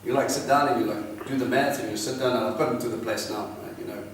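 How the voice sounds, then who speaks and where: A man preaches in an animated, storytelling way, acting out voices in the conversations he recounts. His voice rings through a very echoey church hall, picked up from some distance with a faint hiss underneath. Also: medium pitch, fast. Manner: animated, acts out both sides of conversations. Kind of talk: storytelling sermon.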